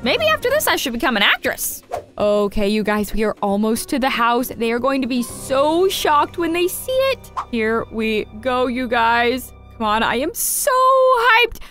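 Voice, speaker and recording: A woman hosting a gaming video, narrating an excited role-play and chatting straight to her viewers. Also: a little high, a little slow, soft background music. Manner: bubbly, talks straight to viewers.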